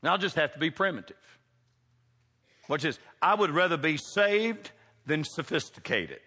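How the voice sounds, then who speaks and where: A man preaches in a church, his high voice swooping up and down as he calls out to the congregation. His tone is bright and sharp. The room adds a long, trailing reverb. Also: expressive, moderate pace, breathy edge. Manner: preaching with wide swings of pitch and loudness, calling out to the congregation. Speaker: pastor. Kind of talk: sermon. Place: church sanctuary.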